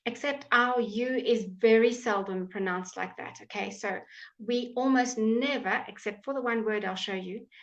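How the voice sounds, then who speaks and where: Female pronunciation teacher, fairly high voice, very slow deliberate drilling, dull lo-fi stream audio. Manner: slow, patient, repeats words for drilling. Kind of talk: live online language class. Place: home. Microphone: computer mic on a live stream.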